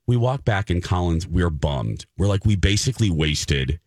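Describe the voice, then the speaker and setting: A man's voice: sits low, moderate pace, no echo, studio quality. A man hosting a morning radio show, telling a story animatedly and acting out the voices of the people in it. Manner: lively, acts out voices in his anecdotes. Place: radio studio. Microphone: studio microphone.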